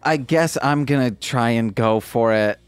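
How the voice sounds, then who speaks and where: A man at a tabletop game thinking his turn through out loud at an unhurried pace. His voice is mid-pitched. The sound is dry and close. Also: clear, resonant tone, no echo. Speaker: player. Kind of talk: casual tabletop game chat.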